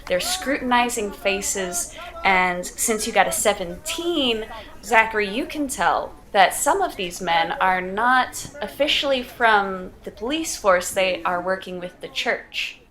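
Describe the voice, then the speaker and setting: A woman's voice: medium pitch, animated, a little slow, a bit bright. Woman game master narrating a scene.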